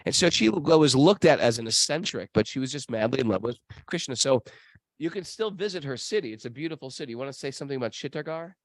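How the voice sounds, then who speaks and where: Talking fast and animatedly in a mid-range voice, a podcast host rambles through casual stories near some temples on his travels, often restarting and using fillers. There's no room sound in the recording.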